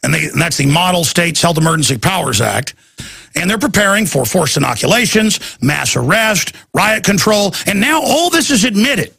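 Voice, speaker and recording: A middle-aged man hosting a talk radio show, ranting rapidly and with great passion. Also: high voice, vocal fry, pushed and bright, breathy edge, dry recording.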